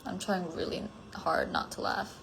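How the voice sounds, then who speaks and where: A woman's voice: lowish voice, wildly swooping pitch, moderate pace, gravelly, a bit bright, a little hiss or hum, poor audio. A woman chatting casually on a phone livestream, answering fan comments. She is giggly and self-conscious, with lots of "like" fillers.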